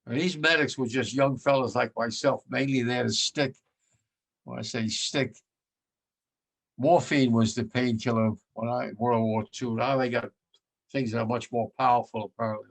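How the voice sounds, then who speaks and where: A man in his nineties from the United States, a World War II veteran giving blunt, vivid personal testimony, his voice sinking low and quiet when moved. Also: steady tone, moderate pace, creaky. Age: 90s.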